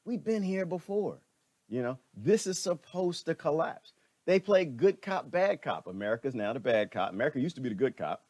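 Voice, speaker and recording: A middle-aged man giving a preachy, animated monologue as a vlogger, laughing often and repeating himself. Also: fairly high pitch, moderate pace, no room sound. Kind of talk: ranting commentary monologue.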